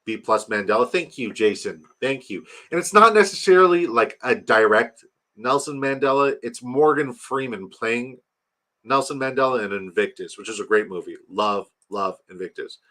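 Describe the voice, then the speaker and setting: Male streamer, bright forceful tone, joking and profane, rapid-fire name lists. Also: medium pitch, expressive. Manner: rattles off player names in quick lists. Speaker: fantasy football streamer grading viewers' drafts. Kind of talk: live-stream commentary.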